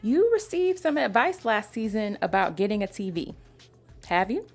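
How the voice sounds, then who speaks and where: A woman asks questions off a list, her pitch rising and falling with lively movement. Faint music sits behind her voice. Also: moderate pace. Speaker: interviewer. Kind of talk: reading questions.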